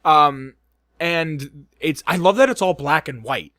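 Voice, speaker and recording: A man's voice: on the high side, slow pace. A man co-hosting a podcast who chats casually, retelling things with lots of swearing and acted-out reactions. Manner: animated, profane storytelling that acts out quoted reactions. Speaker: podcast co-host. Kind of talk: casual chat.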